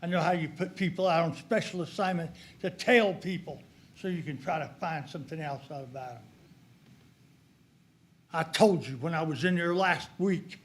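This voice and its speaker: Heated older man, high voice. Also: normal speed. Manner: heated, accusatory, emphatic. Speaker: public commenter. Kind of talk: public comment at a county meeting. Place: county commissioners' court meeting room.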